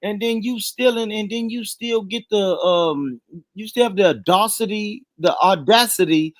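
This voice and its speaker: A high-voiced American man on a livestream, loud and teasing, breaking into laughs between jabs. His voice sits dry and close, with no room sound around it. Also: moderate pace, no room sound. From United States. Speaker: stream co-host. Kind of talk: casual livestream banter.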